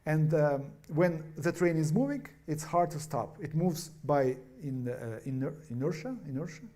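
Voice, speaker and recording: Brief: male pastor, somewhat high and mellow, halting sermon delivery full of restarts. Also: expressive. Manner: halting, restarts words, many fillers. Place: church.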